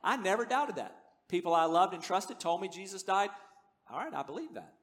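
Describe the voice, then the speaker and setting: Pastor, male, fifties, high-pitched, earnest sermon delivery with emphatic peaks, long hall reverb. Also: very animated, a little fast, fairly bright tone. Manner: earnest, conversational, rising to emphatic declarations.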